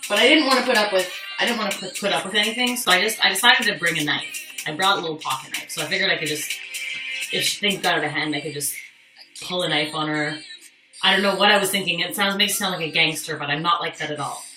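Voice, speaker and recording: A woman's voice: lowish voice, fast talker, recorded from a distance. A young woman telling a personal story on a live stream, candid and profane, chatting with viewers. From Canada. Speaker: livestream host. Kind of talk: casual storytelling. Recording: echoey room, off mic, faint music.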